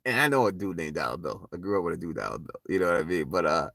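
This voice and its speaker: A man's voice: low-pitched, very animated, rapid-fire, creaky, fairly bright tone, no room sound. A man hosting his own channel, chatting casually and rambling, often laughing and repeating himself. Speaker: channel host. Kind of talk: casual live chat. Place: at home by an open window.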